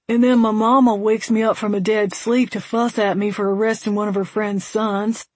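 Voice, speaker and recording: A woman's voice: mid-range voice, slightly rough, dry recording, pitched above the performer's own voice, lightly acted. A woman voicing an easygoing, chatty young male deputy who talks in a rambling, folksy way.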